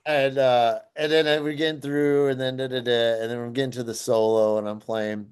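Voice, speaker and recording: A man co-hosting a podcast, telling a story in casual chat and loudly acting out the quotes he tells. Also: moderate pace, smooth. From Cleveland area. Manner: animated, acts out quotes in a loud high voice. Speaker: podcast co-host.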